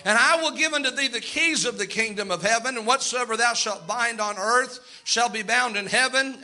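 A man's voice: extremely high pitch, pushed and bright. A male pastor preaching a sermon, repeating lines for emphasis and calling out amens.

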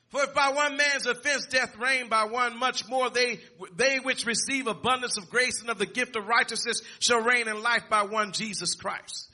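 A man preaching a sermon, reading scripture aloud with restarts and repeats, and rising to shouts and exclamations. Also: very high-pitched, normal speed.

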